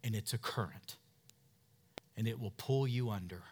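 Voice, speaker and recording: A male pastor in his thirties preaches emphatically, asking the congregation for amens and veering between soft asides and loud, driving passages. His voice is on the low side at a normal speed, with a little hiss or hum in the recording.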